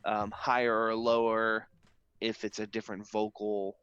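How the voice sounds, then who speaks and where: A man's voice: on the low side, monotone, measured pace, a bit bright, clean tone, no echo, lo-fi sound. A man playing a tabletop role-playing game in casual chat, talking thoughtfully with frequent restarts. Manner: thoughtful, hesitant, lots of restarts.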